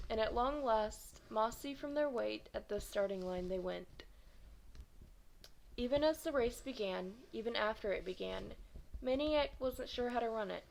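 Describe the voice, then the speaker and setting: A woman in her twenties reading a children's novel aloud in a steady manner, with occasional stumbles and self-corrections. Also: fairly high pitch, moderate pace, vocal fry, a little hiss or hum, low-quality recording. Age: 20s. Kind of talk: storybook read-aloud.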